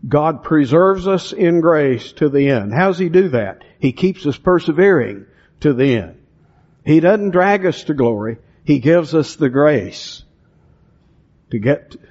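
A man preaching an expository sermon, reading scripture slowly with stressed words and then talking plainly to the congregation. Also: a little high, animated, a little mellow. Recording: dull lo-fi sermon recording.

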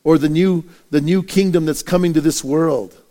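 Animated preaching man, higher voice. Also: normal speed. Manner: animated preaching with rhetorical questions and acted-out anecdotes. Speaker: pastor. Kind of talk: sermon.

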